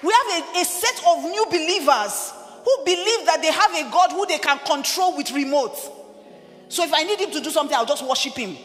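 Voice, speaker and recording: A middle-aged woman preaching a sermon as a pastor, emphatic and shouting at her peaks. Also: expressive, brisk. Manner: emphatic, rising to shouts and dropping low for quoted voices. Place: church hall. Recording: reverberant church hall with music.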